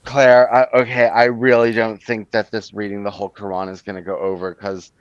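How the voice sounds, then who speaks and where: A man's voice: lowish voice, level tone, fairly quick, clear, resonant tone, no room sound. A man hosting a casual live stream, blunt and exasperated, swearing now and then. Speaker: stream host. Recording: dull lo-fi, dry sound.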